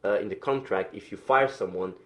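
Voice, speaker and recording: A man telling a story on a livestream, animated, swearing, often restarting his sentences. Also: on the low side, a little fast. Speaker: streamer.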